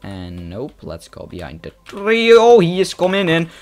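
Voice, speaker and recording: A European man giving excitable live commentary on a game, talking to opponents and to his viewers. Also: a little high, a little slow, few pauses, a little hiss or hum. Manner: excitable, talks to opponents and viewers, yelps at kills. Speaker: gaming YouTuber. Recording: music playing under voice.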